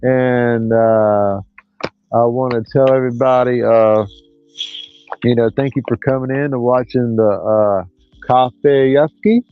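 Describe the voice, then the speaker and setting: Sixties man, livestream host, mid pitch, meandering folksy talk, lo-fi mic. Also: fairly even intonation, measured pace, clean tone, soft background music. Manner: rambling, drawn out, folksy. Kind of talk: casual livestream chat. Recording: dull lo-fi dry sound.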